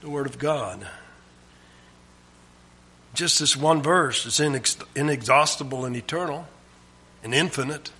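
Man, sermon, Bible teacher, emphatic, bright tone. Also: mid-range voice, measured pace, pauses often, husky. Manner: emphatic, drops to a hush at phrase ends.

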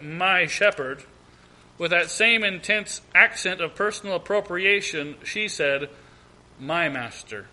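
A man's voice: sits high, bright, forceful tone, low-quality recording. A man preaching a Bible teaching sermon, reading scripture aloud and commenting on it with frequent restarts and repeated words.

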